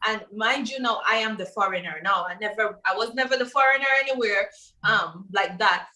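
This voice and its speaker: A woman's voice: mid-range voice, a little fast, pushed and bright. A woman from Belize moderating a panel discussion, chatty and anecdotal, with frequent fillers. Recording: voice from far off the mic.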